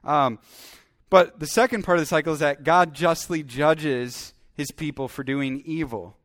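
A man with a fairly high voice preaches a sermon a little slowly, reading Bible verses and commenting as he goes. He's animated, now and then acting out voices as he tells the story.

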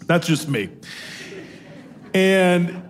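A man in his forties co-hosting a faith talk, telling family stories in a lively way and laughing as he goes. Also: high voice, drawn-out words, a little hiss or hum. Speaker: co-host. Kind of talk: casual faith talk with storytelling.

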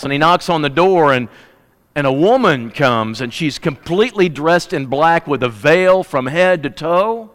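A man's voice: on the high side, expressive, normal speed, fairly bright tone, long reverb tail. A man preaching, telling a story in a vivid, conversational way. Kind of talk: dramatic sermon storytelling.

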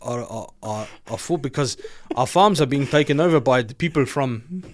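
A man's voice: medium pitch, steady tone, brisk, close to an everyday voice. A man doing a comic South African accent, playing a brash bigoted character as a joke impression. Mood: mock-earnest. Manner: mock-serious comic impression.

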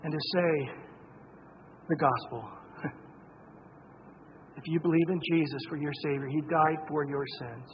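A man's voice: fairly high pitch, fairly even intonation, unhurried, pauses often, slight background noise. Emphatic man preaching in a reverberant hall. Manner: emphatic, conversational preaching with asides. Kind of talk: sermon. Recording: dull lo-fi sound with long reverb in a hall.

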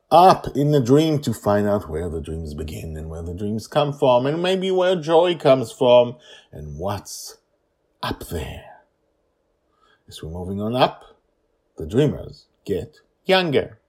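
Deep, husky man narrating a story podcast. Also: sing-song, unhurried, darkish tone.

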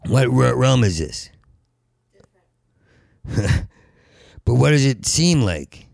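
Man, podcast host, heavy stutter, gravelly voice, dry close sound, rambling monologue. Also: medium pitch, very animated, very slow, no room sound. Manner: heavy stutter, repeating syllables; rises to loud urgent pleading.

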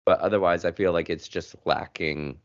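Groggy, very deep-voiced male podcast co-host, laid-back chat, muffled audio. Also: fairly even intonation, moderate pace, dry recording. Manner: laid-back, lots of "you know". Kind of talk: casual chat.

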